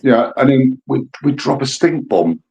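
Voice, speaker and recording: A man's voice: medium pitch, expressive, unhurried, gravelly, darkish tone, dull audio. A man, telling rambling, profane stories in casual chat. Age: 50s. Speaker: birthday guest telling stories.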